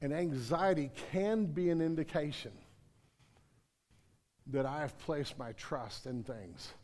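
Male pastor, high voice, earnest sermon delivery with restarts, large reverberant room. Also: takes it slowly, a little mellow. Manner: earnest, repeats words, rises to emphatic then drops low. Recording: hall reverb.

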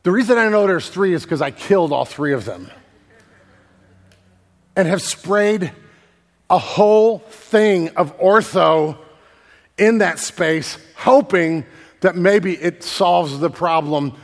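A man preaching a sermon as pastor, casual and animated, using slang and acting out voices. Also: high voice, takes it slowly, pauses often, in a large hall.

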